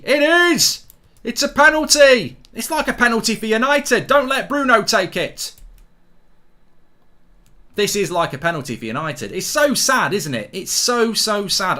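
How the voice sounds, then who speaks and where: Hosting a live football watchalong, a middle-aged man rants with excitement and says things over again as the game develops. His voice sits high.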